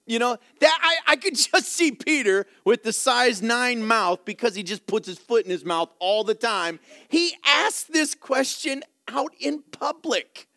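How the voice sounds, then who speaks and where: A man teaching a Bible lesson from slides in sermon style, animated, self-deprecating and often laughing. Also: high-pitched, measured pace, no echo, studio quality.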